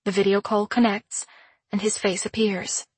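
Brief: woman narrator, slightly husky voice, mid pitch, measured and introspective first-person storytelling. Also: level tone, darkish tone, no echo. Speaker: audiobook narrator.

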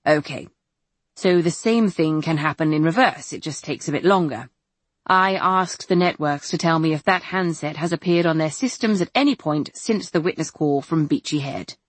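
A woman voicing a male high-tech crime officer who talks in a dry, teasing way. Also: normal speed, dry recording. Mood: wry.

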